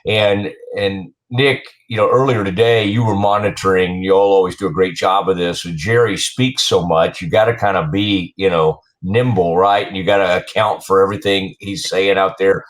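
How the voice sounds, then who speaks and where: A man's voice: low voice, fairly even intonation, moderate pace, few pauses. A man hosting a casual sports talk interview, speaking in a loose, conversational way as he searches for words. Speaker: podcast host.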